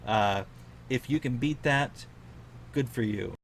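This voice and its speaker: A tired man losing his voice, casually telling a collecting story to camera in an unhurried, chatty way. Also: medium pitch, gravelly, slight background noise. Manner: chatty, unhurried, repeats figures for emphasis. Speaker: collector vlogger.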